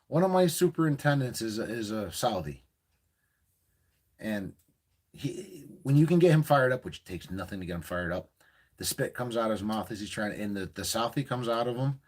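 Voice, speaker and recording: Gruff joking man in casual chat. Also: fairly low pitch, animated, normal speed, darkish tone. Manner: gruff, joking, profane storyteller.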